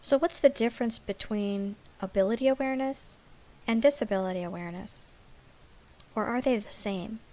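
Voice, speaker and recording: A woman's voice: medium pitch, moderate pace, dark tone, low-quality recording. A woman parent politely asking questions in a scripted dialogue. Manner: inquisitive, polite.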